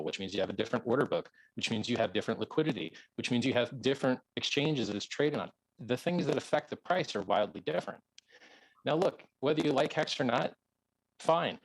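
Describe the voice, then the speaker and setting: A man arguing emphatically in a live-streamed debate, repeating phrases like a salesman, on a close mic that clips when he gets loud. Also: on the low side, no echo, poor audio. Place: outdoors.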